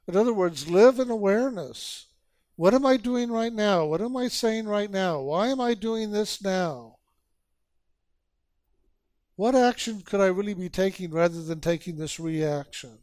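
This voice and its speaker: A man's voice: high voice, expressive, a little mellow, no room sound, clean studio sound. A man giving a spiritual sermon as a teacher, urging listeners with repeated phrases and rhetorical questions. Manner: slow, repetitive exhortation with rhetorical questions.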